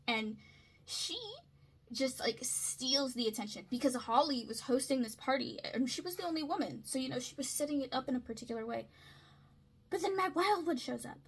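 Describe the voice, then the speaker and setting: A woman's voice: high-pitched, moderate pace, breathy edge, low-quality recording. A woman talking through a literary analysis in a casual, chatty way, often checking in with "right?" and "okay?". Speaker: video essayist.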